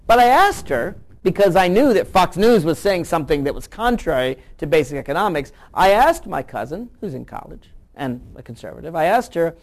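A political commentator reacting to a news clip, animated and sarcastic, firing off mocking rhetorical questions and answering them. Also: mid-range voice, a little fast, few pauses. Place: Virginia.

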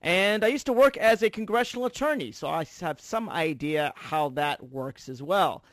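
A man's voice: a little high, expressive, moderate pace, no room sound. A man hosting a political talk radio show, delivering an emphatic, sarcastic monologue from a studio.

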